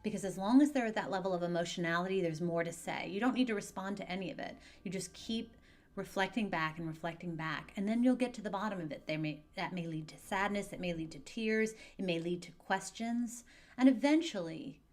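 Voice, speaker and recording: A woman coaching parents through divorce in a calm, gentle and measured way, speaking straight to her viewers in an advice video. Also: medium pitch. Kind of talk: direct-to-camera advice video.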